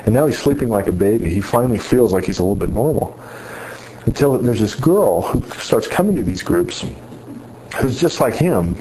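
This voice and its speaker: A man's voice: medium pitch, expressive, moderate pace, warm tone, rough recording. A man giving an earnest sermon-style talk to students, retelling a story with many restarts. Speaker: speaker addressing students on faith.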